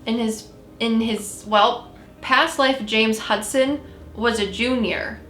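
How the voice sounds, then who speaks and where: Woman podcast co-host, rambling storyteller, bright tone, roomy echo. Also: on the high side, steady tone, slow, faint music behind. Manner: chatty, rambling, retells conversations with spirits. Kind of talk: casual chat.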